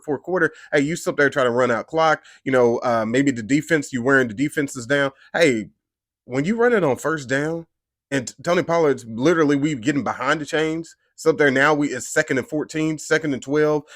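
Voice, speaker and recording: A man's voice: medium pitch, a bit bright, dry recording, studio quality. A man hosting a podcast, giving a rambling, emphatic and frustrated fan reaction after a game. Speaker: podcast host.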